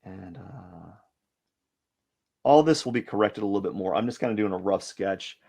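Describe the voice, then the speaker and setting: Warm, slightly rough and lowish with vocal fry, the man speaks at an ordinary pace. He's sketching live for a stream, musing casually and rambling along, unsure of himself, doubting his choices and dismissive of his own art.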